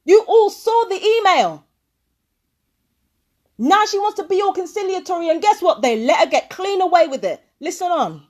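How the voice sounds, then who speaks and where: A woman delivers a furious, foul-mouthed rant, pausing a recording to argue back at it. Her voice sits high, and she hammers the same questions over and over. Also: animated, darkish tone. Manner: furious, profane ranting with repeated questions. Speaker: vlogger. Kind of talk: angry commentary over a played recording.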